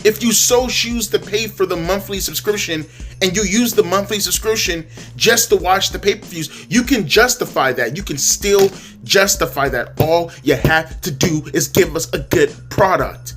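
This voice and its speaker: A man's voice: high-pitched, normal speed, a bit bright, faint music behind. A man ranting heatedly in a profane, exasperated commentary monologue, repeating words as he talks. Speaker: wrestling commentary youtuber.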